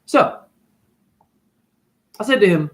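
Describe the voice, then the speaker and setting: Animated man ranting with lively pitch. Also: slow. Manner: animated storytelling with big pitch swings. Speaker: spiritual vlogger. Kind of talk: casual ranting monologue.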